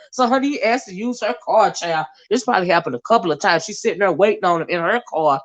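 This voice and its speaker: A woman hosts a loose live stream, rambling from point to point and talking straight to her viewers. Her voice is mid-pitched, and she leans on "you know" and easy endearments like "honey" and "child". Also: lively intonation, fast, hardly any pauses, muffled recording. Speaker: movie reviewer and channel host. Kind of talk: casual live-stream chat, reading viewer comments.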